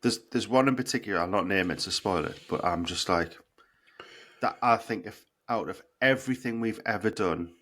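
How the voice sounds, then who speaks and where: Laid-back Northern Irish man, low voice. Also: moderate pace, fairly bright tone. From Northern Ireland. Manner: laid-back, swears casually, dry humour. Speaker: podcast co-host. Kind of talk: casual chat.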